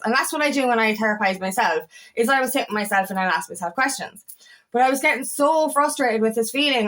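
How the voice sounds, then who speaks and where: Emphatic woman, fairly high voice. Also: fairly bright tone. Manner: emphatic, swears often, raises voice. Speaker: empowerment coach. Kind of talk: candid personal monologue.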